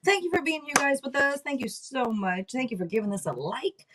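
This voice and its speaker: A woman in her forties hosting a live tarot stream in loose, casual chat. She talks loud and blunt, teases her viewers and swears freely, clearing an irritated throat now and then. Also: sits high, very animated, a little fast, noisy background.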